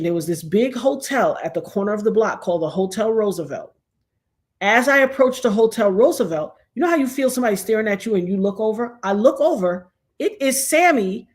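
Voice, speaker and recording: A middle-aged woman telling a personal story in a casual, animated way, acting out the other people's lines as she goes. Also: mid-range voice. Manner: animated, acts out quoted dialogue.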